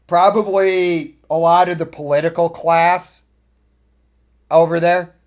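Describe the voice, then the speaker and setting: A man's voice: on the high side, steady tone, slow. A man hosting a podcast, delivering a blunt, profane, opinionated monologue and telling stories in a ranting, casual way. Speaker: podcast host.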